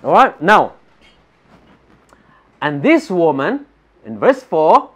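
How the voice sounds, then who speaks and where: Here the Filipino-accented preacher's voice is slightly high and fairly bright, with pitch that swoops wildly as he speaks slowly. He reads scripture to the congregation in church and asks them rhetorical questions.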